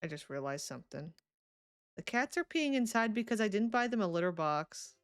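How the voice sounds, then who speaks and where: A woman's voice: mid-range voice, animated, moderate pace, smooth, no room sound, soft background music. A young woman streaming a life-sim game, chatting casually and giggling as she talks to her characters, sleepy and yawning. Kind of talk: casual live game commentary.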